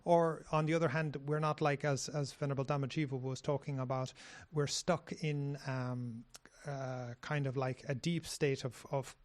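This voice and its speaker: A man in a meditation discussion, speaking haltingly with many pauses and restarts. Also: medium pitch, steady tone. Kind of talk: dhamma discussion.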